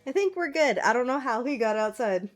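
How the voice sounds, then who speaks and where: A woman's voice: fairly high pitch, lively intonation, brisk, soft background music. A woman artist chatting casually on a livestream from home, laughing often and talking to her cat. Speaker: artist streamer.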